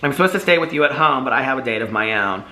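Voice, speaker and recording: A man's voice: medium pitch, animated, rapid-fire, bright, forceful tone, reverberant. A man reading the part of a blunt, teasing gay man over forty in a storybook.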